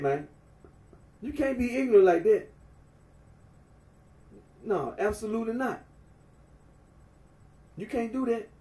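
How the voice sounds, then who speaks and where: A male vlogger with a high, mellow voice delivers an emphatic, ranting monologue full of repetition. He's recorded far from the mic in a roomy, echoing space.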